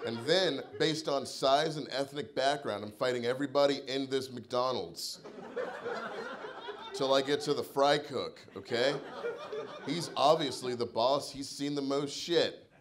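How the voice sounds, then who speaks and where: Guy doing stand-up, swearing a lot, goes from low mutter to yelling, middle pitch. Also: measured pace, crowd noise. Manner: profane, swings from mutters to furious shouting in retold rants. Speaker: stand-up comedian. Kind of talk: stand-up set. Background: audience laughter.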